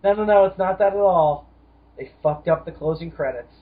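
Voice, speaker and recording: A man's voice: a little high, normal speed. A man co-hosting a casual film discussion podcast, emphatic and profane, ranting at times. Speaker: podcast co-host. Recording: dull lo-fi audio.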